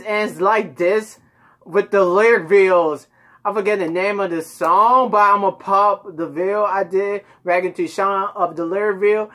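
A chatty man hosts a casual music reaction video, rambling and talking straight to his audience. His voice sits a little high for a man. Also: fairly bright tone. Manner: chatty, rambling, addresses viewers directly.

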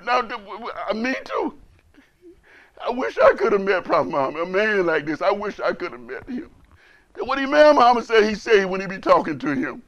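A man's voice: high-pitched, sing-song, fairly quick, fairly bright tone, no room sound. A man, an imam, giving an emotional, impassioned sermon and repeating phrases for emphasis.

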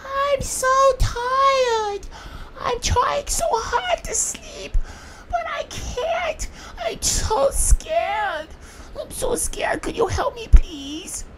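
Very high little kid voice, scared, pleading, slow and gravelly. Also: male voice, lively intonation, noisy background, full character voice. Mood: scared whisper. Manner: trembling, pleading, drifts into whispers. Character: frightened small child lost and sleepless.

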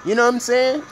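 A young man ranting profanely in a casual vlog, swinging between low mumbling and loud shouting. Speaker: vlogger.

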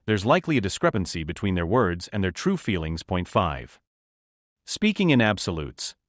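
A man reading a nonfiction audiobook as narrator, in a measured, instructive way. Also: lowish voice, no room sound, clean studio sound.

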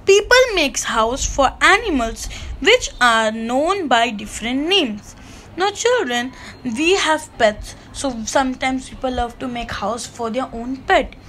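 A woman with an Indian English accent, teaching an online class to young children in a slow, sing-song way. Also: high-pitched, fairly bright tone, a little hiss or hum, poor audio. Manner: slow, sing-song, mimics animal sounds for kids.

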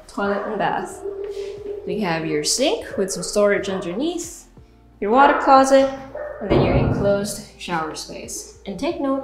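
A chatty woman with a Filipino accent leads a walk-through of a large house, laughing often as she points things out. Her voice sits at a middle pitch for a woman, and she slips Tagalog phrases in among the English. Faint music plays behind her. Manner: chatty, giggly, mixes in Tagalog. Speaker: real estate tour host. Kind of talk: guided house tour.

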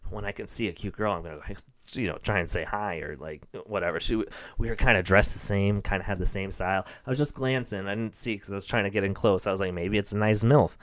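A young man rambles through crude, self-deprecating comedy bits on his podcast, full of fillers and little laughs. His voice is smooth and slightly low, recorded close and dry with no room sound. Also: steady tone, fast, a bit bright, no echo. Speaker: podcast host and stand-up comedian. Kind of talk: casual comedic monologue.

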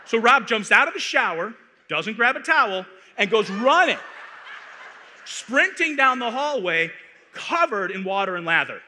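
A man from Arizona, a conference speaker, telling a funny story in a playful, animated way, on a stage microphone in a large hall. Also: sits high, unhurried, slight background noise. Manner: animated, playful, building comic tension. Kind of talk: comic storytelling talk. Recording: echoey hall reverb.

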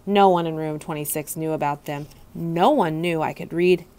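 A woman reading a children's book aloud with expressive storytelling. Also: low voice, moderate pace. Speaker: reader.

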